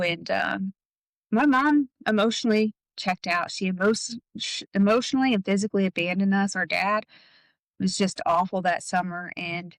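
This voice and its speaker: A woman guest in an interview, telling a personal story in a halting way, full of "like" and "um". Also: medium pitch, dry recording, poor audio.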